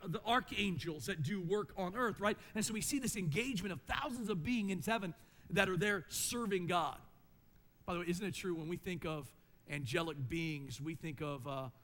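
A man's voice: high-pitched, a bit bright. A man, a pastor, preaching a sermon with emphatic repetition and rhetorical questions. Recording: long reverb of a large hall.

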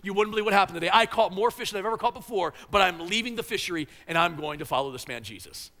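A man voicing an excited fisherman who stammers as he explains himself. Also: sits high, very fast, long reverb tail, heavily acted. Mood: eager.

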